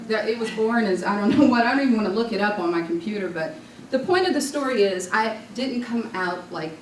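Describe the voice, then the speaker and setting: A woman's voice: mid-range voice, brisk, a little hiss or hum. Joking woman trainer, roomy and distant. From New York. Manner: lively, joking storyteller. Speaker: leadership training presenter. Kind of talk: club training talk. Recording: roomy sound from a distant mic.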